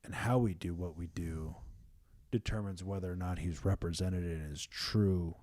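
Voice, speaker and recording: A man hosting a podcast, talking casually and with feeling about faith, full of fillers like "man" and "like" and sometimes dropping to hushed tones. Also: sits low, steady tone, normal speed. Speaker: podcast host.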